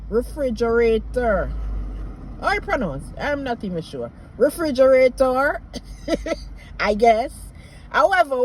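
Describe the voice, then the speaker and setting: Jamaican woman, casual language teacher, slow and clear, a little high, playful asides. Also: slight background noise, low-quality recording. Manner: slow, drawn-out model words with playful asides. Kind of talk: casual lesson to camera.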